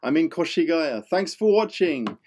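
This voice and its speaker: A man's voice: a little high, big pitch swings, normal speed, a little mellow, slight background noise. A man who is an English teacher reading a story to children in a playful, exaggerated way.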